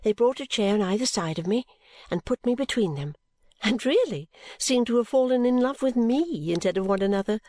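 A woman reading a classic novel aloud as first-person narrator, in a gentle, measured storytelling manner. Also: mid-range voice, no echo. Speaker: audiobook reader.

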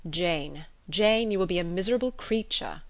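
A woman reading aloud, voicing a grave older gentleman who speaks low and measured. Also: close to an everyday voice. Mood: tender.

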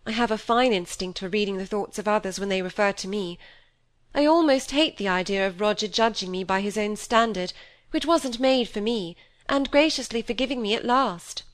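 A woman's voice: medium pitch, moderate pace, lightly acted. A woman reading an audiobook, voicing a wilful, proud young woman who talks with bitter passion. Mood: defiant. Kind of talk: audiobook character voice.

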